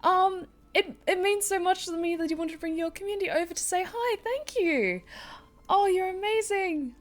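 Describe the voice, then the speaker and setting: A woman's voice: very high voice, moderate pace. A woman voice actor chatting on her live stream in a giggly, chatty way. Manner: giggly, chatty, warm-hearted. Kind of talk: casual live-stream chat.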